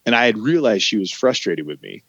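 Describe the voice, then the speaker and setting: A man's voice: lowish voice, brisk, dry recording. Middle-aged oklahoma guy telling bar stories, doing the voices, dry kinda muffled podcast mic. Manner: animated storyteller, acts out quoted voices, loose and profane. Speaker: podcast guest, actor. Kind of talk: casual storytelling chat.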